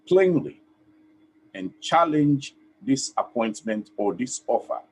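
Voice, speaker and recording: A man from Sierra Leone with a Sierra Leonean accent, giving earnest, emphatic commentary on a live stream in short, paused phrases. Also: on the low side, darkish tone, husky, low-quality recording. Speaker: online TV host and activist. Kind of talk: direct-address commentary.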